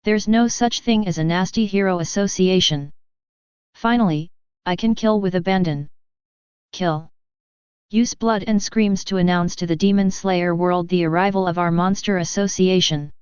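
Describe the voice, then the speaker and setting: A synthetic woman's voice reading the lines of a cruel, gloating cat-like male monster in a storybook, with an even, smooth manner. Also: lowish voice, normal speed, no room sound, lightly acted. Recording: dull, dry, lo-fi.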